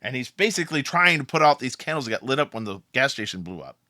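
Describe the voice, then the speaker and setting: A man's voice: medium pitch, big pitch swings, fast talker, sharp tone, dry recording, clean studio sound. A man narrating a tabletop role-playing game as its storyteller, in a rambling style that often breaks into laughs.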